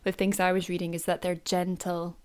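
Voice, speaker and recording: A woman's voice: fairly low pitch, completely flat delivery, fairly quick, smooth. A woman co-hosting a casual podcast, talking with frequent ums and restarts. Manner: many ums and restarts, chatty. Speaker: podcast co-host.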